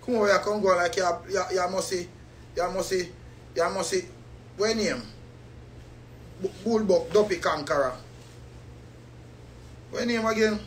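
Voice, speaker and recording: A man with a Jamaican accent live-streaming a heated, taunting rant, loud and profane, often breaking into shouts. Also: high voice, a little hiss or hum.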